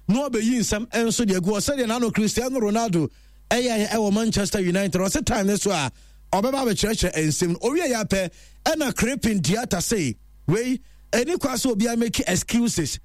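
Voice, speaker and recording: Man, sports news presenter, high voice, dry close sound, chatty football roundup. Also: no room sound.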